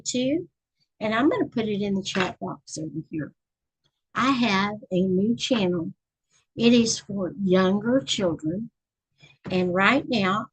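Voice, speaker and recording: Chatty woman on a slow live stream. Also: mid-range voice, slightly rough, low-quality recording. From Texas. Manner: chatty, counts stitches aloud while crocheting. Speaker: channel host reading books. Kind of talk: casual live-stream chat.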